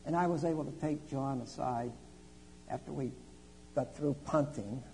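A man preaching a sermon, telling a travel story with lively swings between quiet asides and loud exclamations. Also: medium pitch, normal speed, gravelly, a little hiss or hum, low-quality recording. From United States.

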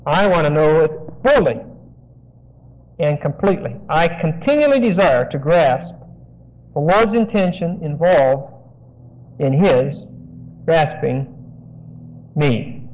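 High-voiced man teaching from Scripture. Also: animated, takes it slowly, long pauses, a little mellow, slight background noise. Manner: explanatory, dictates phrases for notes. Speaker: preacher. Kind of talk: expository Bible teaching. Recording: dull lo-fi sermon recording.

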